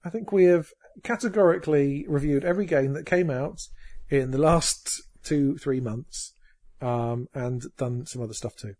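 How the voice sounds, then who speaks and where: A man hosting a casual games podcast, animated and jokey, with quick asides. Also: a little high. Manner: animated, jokey, slips into silly impressions. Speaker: podcast host. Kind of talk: casual chat.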